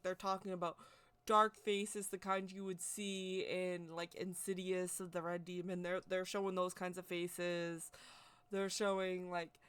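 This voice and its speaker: A woman vlogger chatting straight to camera about a personal experience. Her voice sits at an ordinary middle pitch and sounds dry and close, with no room echo. She rambles, piles on "like," and gets excitable as she retells the story. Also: clean tone. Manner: chatty, rambling, heavy use of "like". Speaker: witchcraft vlogger.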